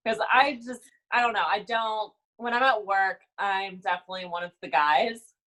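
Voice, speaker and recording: A young woman chatting casually as a podcast guest, telling lively work stories and acting out coworkers with loud outbursts. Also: medium pitch, moderate pace, poor audio. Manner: animated storyteller, acts out coworkers with loud quoted outbursts.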